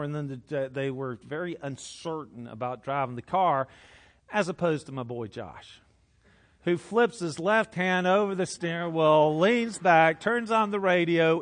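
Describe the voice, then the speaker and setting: A middle-aged man preaching a sermon, swinging from hushed, intimate passages to loud, animated outbursts. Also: a little high. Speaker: pastor.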